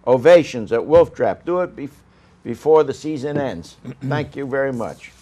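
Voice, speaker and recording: A man's voice: medium pitch, expressive, normal speed, dark tone. A man giving a casual, rambling restaurant review on a local news show, full of fillers and asides. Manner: rambling, with frequent fillers and coughs.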